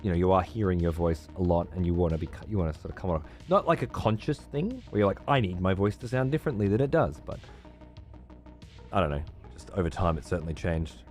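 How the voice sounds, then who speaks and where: An Australian man chats on his stream, loose and profane, and he laughs often. His pitch swings widely as he talks. Faint music plays behind him. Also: expressive, quick pace, darkish tone. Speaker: streamer host. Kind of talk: casual stream chat.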